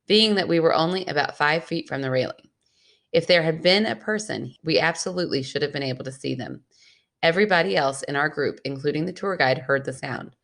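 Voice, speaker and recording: A woman's voice: sits low, lively intonation, a little fast, gravelly, fairly bright tone. A woman co-hosting a podcast, reading a listener's ghost story aloud and teasing her sister. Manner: playful, teasing. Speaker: podcast co-host.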